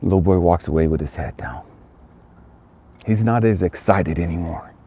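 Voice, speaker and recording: A man with a low, dark voice delivers a motivational story, leaning on repetition for emphasis. A husky grain runs under his speech. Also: moderate pace. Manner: emphatic, repeats phrases for effect. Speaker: motivational speaker.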